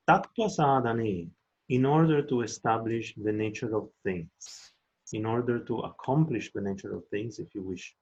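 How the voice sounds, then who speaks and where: Husky-voiced man giving a careful lecture. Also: mid-range voice, darkish tone, highs cut off. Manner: explains slowly and carefully, chants Sanskrit verse in a raised voice. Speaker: lecturer on Buddhist philosophy. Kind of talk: academic lecture.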